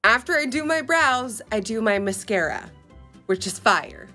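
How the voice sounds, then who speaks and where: A woman hosting a beauty vlog talks through makeup steps in a casual, chatty way. Her voice sits on the high side and swings freely between notes. She exclaims and comments constantly as she goes. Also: measured pace, soft background music. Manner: animated, exclaiming, reading steps aloud with running commentary. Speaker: beauty video host. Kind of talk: casual makeup challenge chat.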